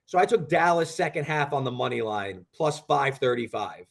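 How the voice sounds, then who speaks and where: Animated young guy, highish voice. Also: moderate pace, vocal fry, hardly any pauses. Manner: animated, rambling storytelling with many "like"s. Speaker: sports betting co-host. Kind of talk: casual podcast chat.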